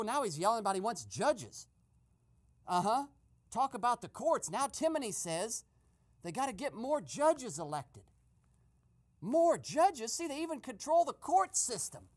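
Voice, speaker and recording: A performer playing a nosy male eavesdropper in a comic radio sketch, giving breathless running commentary and shushing constantly. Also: mid-range voice.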